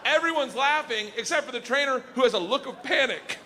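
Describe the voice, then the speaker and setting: Brief: rowdy male stand-up comic, high voice, laughing shouts, faint hum of the room behind. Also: fairly quick, few pauses, crowd noise. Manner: loud, animated, laughing, breaks into high shouts. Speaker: stand-up comedian. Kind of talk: stand-up storytelling. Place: comedy stage.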